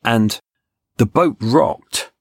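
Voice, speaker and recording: A man, a podcast guest, telling lively stories in conversation with restarts and laughs. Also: mid-range voice, drawn-out words, vocal fry, breathy edge, dry recording, clean studio sound. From England. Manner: animated anecdotes, frequent laughs and restarts. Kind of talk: storytelling in conversation.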